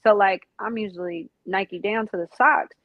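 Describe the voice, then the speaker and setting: A woman's voice: mid-range voice, normal speed, no room sound, narrow, tinny audio. A woman hosting a casual conversation, emphatic and agreeable, speaking in a slangy way. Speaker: podcast host.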